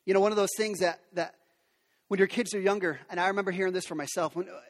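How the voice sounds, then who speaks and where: A man with a notably high voice preaches to parents, speaking earnestly and conversationally. His words ring out with a long hall reverb, as if heard in a large sanctuary. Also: steady tone, fast talker. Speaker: pastor. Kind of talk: sermon.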